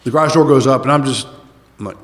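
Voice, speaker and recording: A man's voice: mid-range voice, fast. An older man telling a rambling, self-mocking story to a recovery meeting, with many fillers. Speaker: recovery speaker. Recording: echoey hall.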